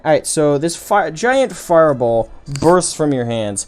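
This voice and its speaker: A man's voice: on the high side, sing-song, a little slow. A man narrating as game master of a tabletop game, describing the action loosely and filling gaps with "like" and "kind of".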